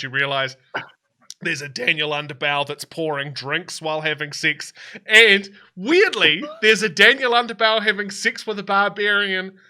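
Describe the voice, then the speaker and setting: A man's voice: high-pitched, bright, forceful tone. A man narrating as dungeon master in a tabletop game, rambling and hesitant, often laughing through his descriptions.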